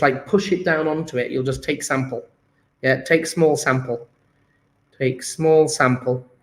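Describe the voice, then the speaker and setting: A man gives a casual online chemistry lesson from home. His voice sits a little high, and he repeats his words as he jots notes. The room around him is echoey. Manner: chatty, repeats phrases while writing them down. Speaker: chemistry teacher. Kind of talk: online lesson, explaining while writing notes.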